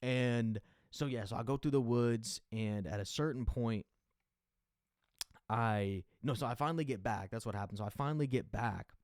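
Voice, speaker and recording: A young man spins a rambling personal story in loose, slang-heavy speech full of swearing. When he quotes his own panicked thoughts, he drops low and hushed. The voice sounds close and dry, with no room around it. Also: normal speed, dry recording. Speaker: podcast host. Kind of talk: casual storytelling monologue.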